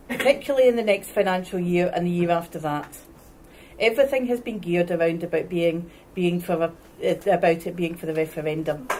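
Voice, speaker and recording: A woman on a debate panel, arguing in a halting, matter-of-fact way and often repeating words. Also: on the low side, mellow, a little hiss or hum, rough recording. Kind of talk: debate argument. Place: meeting room at a union debate.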